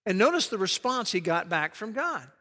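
A man preaching a sermon in an earnest way, sinking to a soft hush on key phrases. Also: sits high, sing-song, moderate pace. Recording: long hall reverb.

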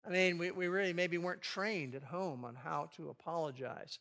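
A man's voice: fairly high pitch, steady tone, normal speed, creaky, fairly bright tone. A man preaching a sermon on marriage to a live audience, acting out quoted arguments with animation. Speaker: pastor leading a marriage session.

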